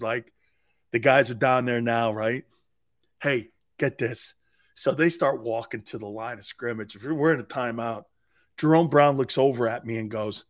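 A middle-aged American man hosting a sports radio show, brash and laughing, swinging from shouting to muttering as he swears and riffs. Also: medium pitch. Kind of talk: loud casual sports talk.

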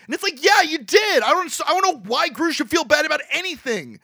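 A man co-hosting a podcast, ranting in casual movie review chat, exasperated and swearing, with quick voiced impressions. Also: extremely high pitch, animated, creaky, bright, forceful tone, no room sound, clean studio sound. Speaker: podcast co-host.

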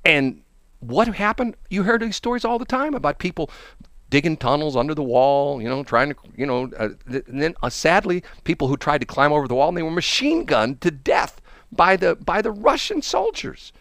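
Animated, rambling male talk host. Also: on the high side, moderate pace, no room sound, clean studio sound. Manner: rambling, animated storytelling with laughs and asides. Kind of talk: opinionated casual chat.

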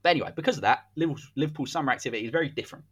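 A man's voice: mid-range voice, rapid-fire, slightly rough. A man, hosting a podcast and telling a football story in a casual, dramatic way. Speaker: podcast host.

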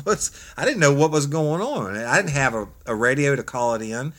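A man, a former police officer telling a story in an animated, folksy way, laughing as he goes. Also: medium pitch, brisk, hardly any pauses. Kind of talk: casual storytelling chat.

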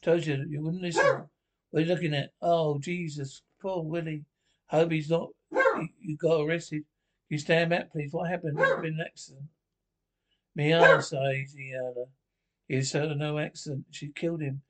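A sweary Scottish pensioner. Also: male voice, fairly high pitch, expressive, normal speed, fairly bright tone, low-quality recording. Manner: gruff, sweary banter. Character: coarse, cheeky old Glasgow pensioner. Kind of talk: TV sitcom acting.

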